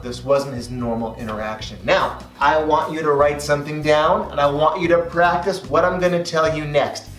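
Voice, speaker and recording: A man's voice: mid-range voice, roomy sound, far from the mic. A man teaching listeners how to talk to police officers, speaking in an emphatic coaching way and acting out lines he quotes. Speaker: hypnotist teaching verbal techniques. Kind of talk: direct-to-camera instruction.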